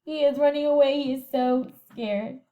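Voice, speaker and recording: A woman teacher reading a picture book aloud to her students, animated and expressive, pausing to ask them questions. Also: sits high, narrow, tinny audio.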